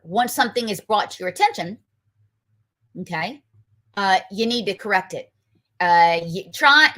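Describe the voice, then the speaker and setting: Fired-up woman ranting on a political show, bright edgy voice, keeps asking the audience questions. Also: mid-range voice. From North Carolina, US. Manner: combative, emphatic, rhetorical questions. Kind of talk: political commentary.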